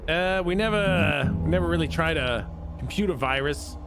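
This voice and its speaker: Man, game master, casual, hesitant, laughing, somewhat high voice, music in the background. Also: normal speed. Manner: laughing, hesitant with many fillers. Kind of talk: running a tabletop game, casual chat.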